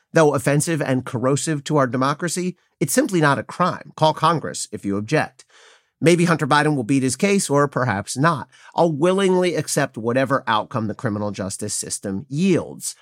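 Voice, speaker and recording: A man's voice: fairly high pitch, expressive, normal speed, no echo. Wry man hosting a podcast, dry sound. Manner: wry, pointed, opinionated. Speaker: podcast host. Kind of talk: scripted political commentary.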